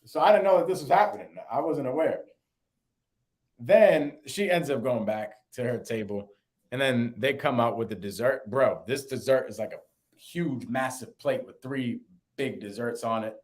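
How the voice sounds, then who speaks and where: A young man, co-host of a podcast, telling a story in casual chat and acting out quotes in a higher voice. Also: normal speed. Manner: animated, acts out quotes in a higher voice.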